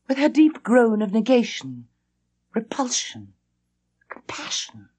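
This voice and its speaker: A woman reading a classic ghost story aloud, with an intense, expressive storytelling manner. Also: medium pitch, breathy edge. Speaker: audiobook reader. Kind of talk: dramatic audiobook narration.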